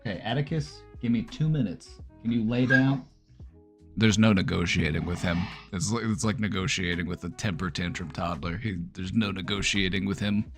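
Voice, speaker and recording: A man's voice: low-pitched, moderate pace, soft background music. A man hosting a livestream from home, chatting casually and stopping to talk to his dog. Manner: relaxed, chatty, talks to his dog mid-stream. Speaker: livestream host.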